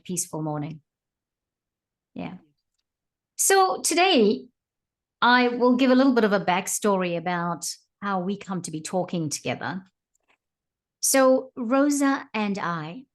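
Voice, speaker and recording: A woman host from South Africa with a South African accent, chatting casually with a guest, laughing often and restarting her sentences. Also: fairly low pitch. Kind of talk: casual conversational interview.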